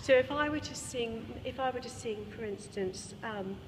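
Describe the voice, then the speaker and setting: A woman's voice: a little high, moderate pace. An Australian woman leading a choir workshop, explaining vocal technique and singing short examples. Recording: reverberant hall, faint room noise.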